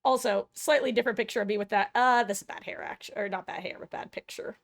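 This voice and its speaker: A woman's voice: mid-range voice, fast, vocal fry. Young woman, twenties, casual live-stream host; loose, chatty, self-deprecating.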